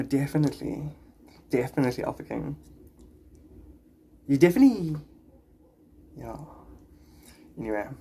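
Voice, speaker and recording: A man's voice: on the high side, darkish tone, slightly rough. A man livestreaming casually, chatting in a rambling way and greeting viewers by name.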